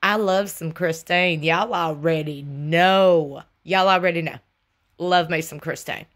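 A woman's voice: fairly low pitch, a little slow. Chatty woman vlogging at home. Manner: animated, chatty storytelling, laughs often. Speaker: YouTube host. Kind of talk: casual chat to viewers.

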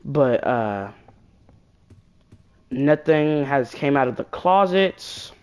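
A woman's voice: rumbling low, extremely slow, clear, resonant tone. A woman giving casual horror-game commentary, jumpy and slangy, yelping at scares and muttering banter to viewers. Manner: animated, jumpy, shrieks at scares then mutters. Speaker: gaming YouTuber.

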